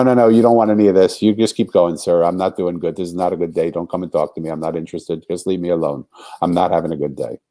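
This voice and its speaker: A man with a low, dark, husky voice tells a story as a podcast guest. He speaks earnestly and acts out the voices of the people he quotes. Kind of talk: storytelling in a conversation.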